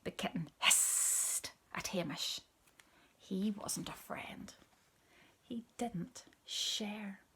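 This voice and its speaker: A woman reading a picture book aloud, telling the story softly, often in a whisper, and pointing out the pictures. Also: medium pitch, very slow, breathy edge. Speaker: storybook reader.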